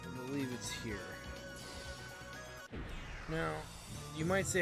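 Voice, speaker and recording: A man's voice: medium pitch, animated, takes it slowly, vocal fry, over music. A man hosting a let's play, giving casual gameplay commentary and rambling as he talks to himself. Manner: rambling and self-talking, with fillers and mild joke curses.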